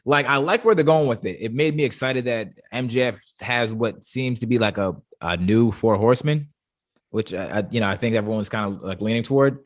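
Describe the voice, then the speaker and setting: A man hosts a casual review chat with a mid-range male voice. He talks in excited bursts, stumbling and repeating his words as he goes. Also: mid-range voice, fairly quick. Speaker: show host.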